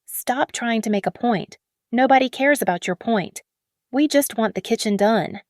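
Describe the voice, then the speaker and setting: A woman voicing a spoiled, entitled young woman who snaps and whines her demands in a shrill voice. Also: expressive, moderate pace, no room sound, clean studio sound, natural voice. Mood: demanding. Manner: shrill, snapping, whiny demands.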